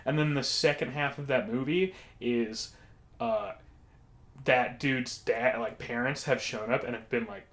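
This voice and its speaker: A man's voice: medium pitch, measured pace, fairly bright tone. A man co-hosting a podcast, telling casual stories in a rambling way full of fillers. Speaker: podcast co-host. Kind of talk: casual storytelling.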